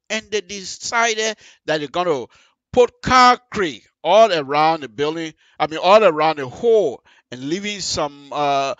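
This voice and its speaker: A man hosting a live radio talk show, explaining at length to listeners in an animated, emphatic way, repeating himself and addressing them directly. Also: fairly high pitch, no echo. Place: radio studio.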